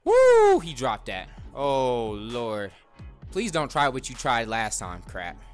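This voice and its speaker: A man hosting a gaming video, giving excited gameplay commentary, shouting at big plays and trash-talking in slang. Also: medium pitch, slow pace, clean tone, faint music behind.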